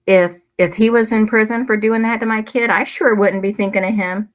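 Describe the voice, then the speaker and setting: A woman's voice: mid-range voice, steady tone, moderate pace. A woman giving casual, blunt commentary, swearing and getting heated as she reads emails to viewers at a close desk microphone. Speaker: true crime commentator.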